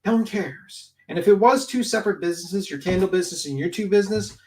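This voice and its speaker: A man's voice: sits high, very fast, a little mellow, slight background noise. A man co-hosting a livestream, mocking and indignant, rambling with fillers. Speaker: livestream co-host. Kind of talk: casual livestream commentary.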